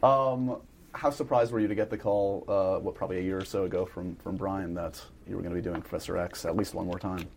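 A man's voice: low-pitched, fairly even intonation, fast talker, vocal fry, a little hiss or hum. A man interviewing a guest, giving short affirmations and playful questions. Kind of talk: casual interview chat.

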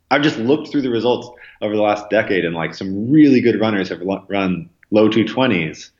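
Expressive and quick, with few pauses, a man talks as a podcast guest about being a marathon runner in a casual interview. He rambles with many ums and likes and performs quoted voices with pitch jumps, captured in a roomy, slightly dull recording.

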